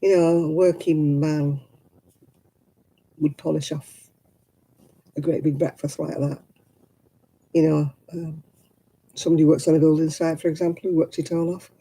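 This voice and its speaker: Husky older woman. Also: low voice, fairly even intonation, moderate pace, long pauses, warm tone, poor audio. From England. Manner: rambling, chatty, explains local customs. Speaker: livestream host. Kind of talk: casual chat with viewers.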